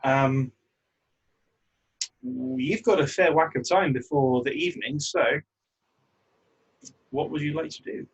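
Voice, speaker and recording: A man narrating as game master of a tabletop game, relaxed and hesitant with many fillers. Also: mid-range voice, slow pace, long pauses, breathy edge, rough recording.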